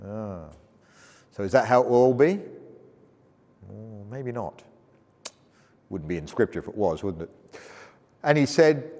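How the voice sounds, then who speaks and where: Male pastor, Australian accent, chatty sermon, lively pitch, reverberant church hall. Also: moderate pace, long pauses. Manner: conversational, asks the congregation questions; chuckles while reading scripture aloud. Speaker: preacher.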